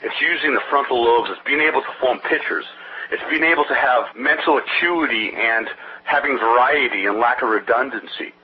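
A man pitches his brain-training program in an interview, rambling from one anecdote to the next in a salesy way. The audio is dull and lo-fi, with a faint hiss under his voice. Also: moderate pace.

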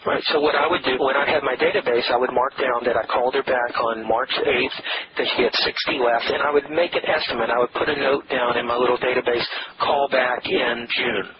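A man from San Diego working as a sales coach, talking in a brisk, direct and persuasive way as he places phone calls and explains his selling method. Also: medium pitch, steady tone, highs cut off, very noisy. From San Diego, USA.

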